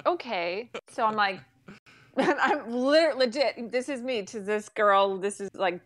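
A woman's voice: fairly high pitch, a little slow, fairly bright tone, no room sound. Exasperated, foul-mouthed woman ranting. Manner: exasperated, profane, laughs mid-sentence. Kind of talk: comedic ranting storytelling.

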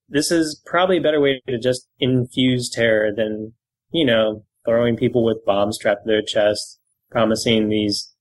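A man's voice: mid-range voice, low-quality recording. A man co-hosting a comedy podcast in casual chat, wryly riffing on news items. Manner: wry, riffing on news stories. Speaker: podcast co-host.

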